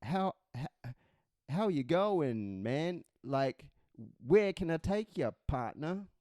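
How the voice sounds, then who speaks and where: A man voicing a brash, loud American cowboy taxi driver in a put-on drawl, with a lively hustling patter. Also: fairly high pitch, slow pace, no room sound, studio quality. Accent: mock American cowboy drawl.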